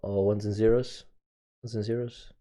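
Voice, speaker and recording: A man's voice: fairly low pitch, little pitch movement, normal speed, warm tone. A man hosting a casual podcast chat, stumbling over words, repeating himself and laughing often. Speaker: podcast host. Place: home setup, recorded over voice chat.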